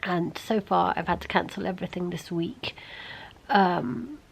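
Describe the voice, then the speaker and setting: A middle-aged woman vlogging casually to camera while ill and congested, hoarse and tired, often talking half-whispered. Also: fairly low pitch, unhurried, rough recording. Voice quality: gravelly. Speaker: beauty vlogger. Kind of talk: casual vlog chat to camera.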